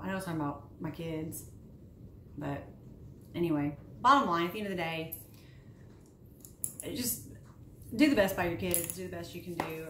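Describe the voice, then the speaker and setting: A woman in her late thirties talks casually while doing her makeup at home, venting in an animated, sarcastic way. Her voice sits a little low. The room is echoey, with a faint hiss of noise behind her. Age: 30s. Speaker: beauty vlogger.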